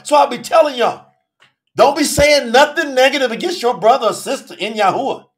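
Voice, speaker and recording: A man's voice: very high-pitched, brisk, fairly bright tone. A male preacher delivering a sermon in an emphatic, colloquial way, often asking the congregation direct questions.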